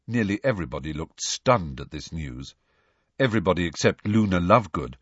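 A man narrating a storybook in measured scripted narration. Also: low voice, animated, a bit bright, breathy edge, no room sound. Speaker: audiobook narrator. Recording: dry, slightly dull recording.

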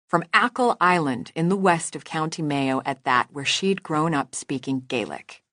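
A woman reading a novel aloud as narrator in a measured, even storytelling manner. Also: deep voice, no room sound, studio quality. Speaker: audiobook narrator. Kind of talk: scripted narration.

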